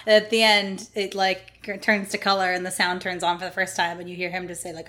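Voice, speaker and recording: A woman's voice: on the low side, little pitch movement, quick pace, hardly any pauses, a bit bright. A woman co-hosting a podcast, recapping a comic in casual chat and teasing her co-host. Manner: playful, teasing, breaks into laughter.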